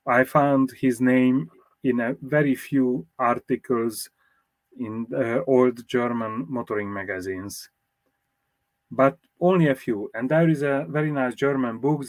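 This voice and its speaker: Measured man explaining in a dry recording. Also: mid-range voice, no echo. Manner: measured, explanatory, with fillers and restarts. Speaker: motoring historian and magazine publisher. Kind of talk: interview answers.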